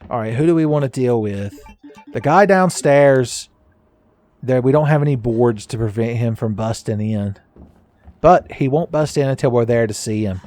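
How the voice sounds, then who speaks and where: A man giving casual, joking commentary while playing a game, his voice a little raspy today and often breaking into laughs at his own asides. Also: mid-range voice, moderate pace, a little mellow. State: slightly raspy voice. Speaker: gaming commentator. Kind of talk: casual let's-play commentary.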